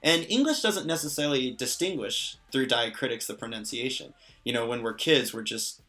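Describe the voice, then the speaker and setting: A man's voice: medium pitch, normal speed, sharp tone. A man explaining pronunciation in a casual lesson, patient and lightly joking. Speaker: language teacher.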